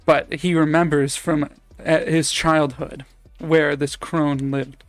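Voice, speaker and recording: A man's voice: fairly high pitch, little pitch movement, slow pace, no echo, faint music behind. A man streaming a board game, improvising a story in a playful, giggly way.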